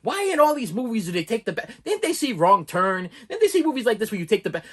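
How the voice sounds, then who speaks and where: A man giving a casual movie review, exasperated and animated, often repeating himself. His voice sits fairly high and bright, with a husky grain. His pitch swings widely as he talks. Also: quick pace, hardly any pauses.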